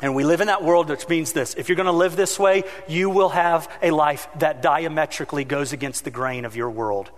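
A pastor with a slightly high voice preaches briskly with few pauses, and a long reverb tail trails his words. He tells stories animatedly, acting out the voices in them, including his own shouting.

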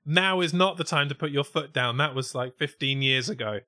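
A man's voice: on the high side, a little fast, sharp tone. A man co-hosting a comedy podcast, throwing in dry one-liners and laughing along. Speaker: podcast co-host. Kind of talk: comedic banter.

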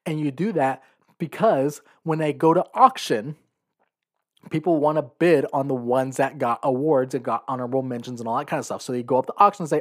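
A man's voice: medium pitch, brisk. A man hosting a podcast, giving blunt, sarcastic opinions in a casual monologue. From California. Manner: blunt, sarcastic, laughs while reading. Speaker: podcast host.

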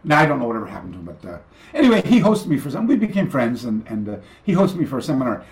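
A man's voice: medium pitch, rapid-fire. Rambling older man telling a story. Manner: animated, rambling anecdotes with many restarts and acted quotes. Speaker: guest karate teacher. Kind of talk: storytelling in a casual interview.

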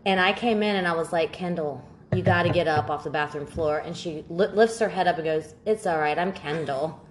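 A woman's voice: fairly low pitch, fairly quick, a little hiss or hum. A woman co-hosting a podcast in casual chat, telling stories animatedly and swearing freely. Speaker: podcast co-host.

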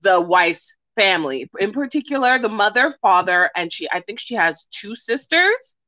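A woman co-hosting a podcast, telling a story in casual chat, animated and profane, acting out the people she quotes. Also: medium pitch, normal speed, no room sound, low-quality recording. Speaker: podcast co-host.

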